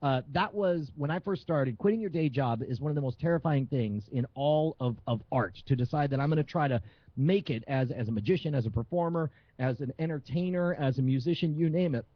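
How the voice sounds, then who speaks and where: A man who is a magician guest, telling stories in an animated, emphatic way during a casual chat. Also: fairly high pitch, fairly quick, no room sound. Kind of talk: casual live-stream chat. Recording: dull lo-fi sound.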